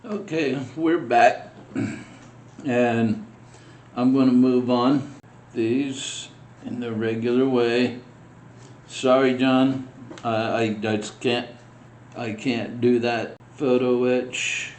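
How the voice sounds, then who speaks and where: A man's voice: medium pitch, fairly even intonation, takes it slowly, long pauses, darkish tone, reverberant, a little hiss or hum. A man building a scale model on a casual vlog, muttering to himself in frustration as he works.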